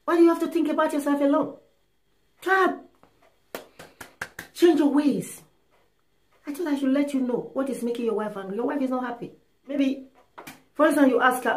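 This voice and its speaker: A woman giving relationship and sex advice in a casual monologue, emphatic and animated, acting out little dialogues. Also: high-pitched, normal speed, long pauses. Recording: roomy echo.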